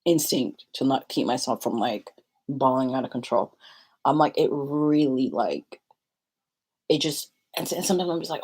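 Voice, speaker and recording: A woman's voice: low-pitched, lively intonation, fairly quick, a little mellow. A young woman vlogging in a rambling confessional chat, full of filler likes and laughing often.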